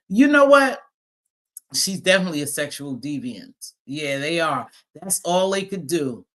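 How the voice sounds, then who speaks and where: A woman's voice: sits low, sing-song, a little slow. A woman hosting a casual live chat stream, speaking bluntly and profanely, laughing often and greeting viewers as she talks. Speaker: livestream host.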